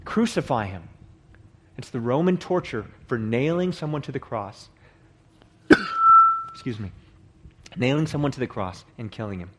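Animated man teaching a Bible passage. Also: medium pitch, moderate pace, long pauses, background noise. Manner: explains and restates points, repeating phrases for emphasis.

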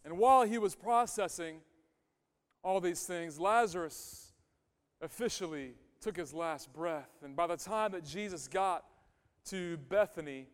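A man's voice: sits high, a little slow, clear, resonant tone. A male pastor giving a conversational sermon, emphatic and repeating his key phrases. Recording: long hall reverb.

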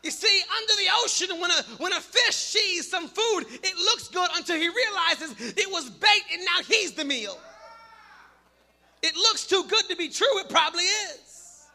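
A man preaching a sermon, shouting in bursts and then dropping to quiet prayer. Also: very high voice, expressive, normal speed. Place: church hall. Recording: long hall reverb with music behind.

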